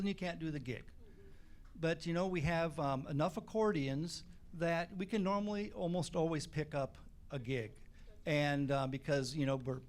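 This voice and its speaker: A man, a band member guest, telling funny stories in a casual interview in a community TV studio. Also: fairly high pitch. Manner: joking, chuckles through his stories.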